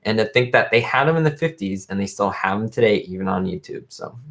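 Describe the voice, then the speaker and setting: A man's voice: on the low side, expressive, fast, a bit bright. A man hosting his own livestream, talking casually and a bit rambling, with plenty of fillers. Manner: rambling, fan-like, lots of fillers. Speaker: YouTube host.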